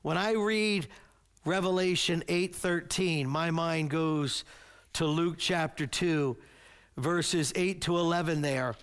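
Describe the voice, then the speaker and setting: A man preaching a sermon as pastor, earnest and emphatic, with halting restarts. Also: fairly high pitch, fairly bright tone, clean tone.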